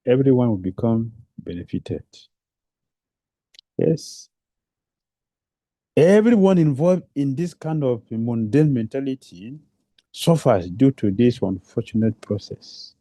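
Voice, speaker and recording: A man's voice: mid-range voice, animated, slow pace, pauses often, dark tone, no echo. A man giving a devotional lecture, repeating phrases for emphasis and asking rhetorical questions, in non-native English phrasing. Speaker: preacher.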